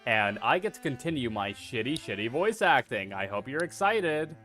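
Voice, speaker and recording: A male streamer talking casually over faint background music while he plays a game. His voice sits at an ordinary middle pitch, and he rambles through tangents with easy profanity and self-deprecating asides. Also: sing-song, normal speed, pushed and bright. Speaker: VTuber streamer. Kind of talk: casual livestream chatter.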